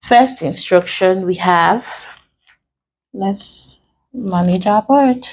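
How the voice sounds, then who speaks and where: A woman's voice: medium pitch, very slow. A woman teaching an exam lesson, explaining rules patiently step by step. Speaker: English exam tutor. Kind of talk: recorded classroom lesson.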